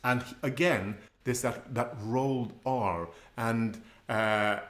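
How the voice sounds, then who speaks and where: Male language teacher, slow and patient, repeats each sound, roomy echo. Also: mid-range voice, a bit bright. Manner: models sounds slowly and repeats them. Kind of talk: pronunciation lesson.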